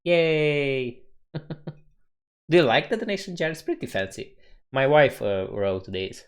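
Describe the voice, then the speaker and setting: A man chatting casually on a live coding stream, reading viewer comments aloud with a relaxed manner and frequent chuckles. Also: mid-range voice, unhurried, clear, resonant tone. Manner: relaxed, chuckles often, reads chat aloud.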